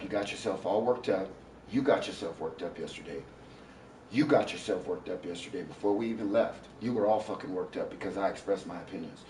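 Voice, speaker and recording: A deep-voiced man scolding his partner in a heated argument at home, circling back over the same points, swearing and rising to shouts. He is heard from well across the room, and the room rings with echo. A faint hiss runs underneath. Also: brisk, distant mic. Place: inside a house.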